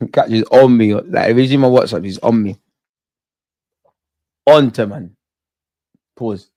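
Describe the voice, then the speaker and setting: A man hosting a live football watch-along, chatting in excitable, slangy banter with his viewers. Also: mid-range voice, slow pace, no room sound. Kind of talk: live fan commentary and chat.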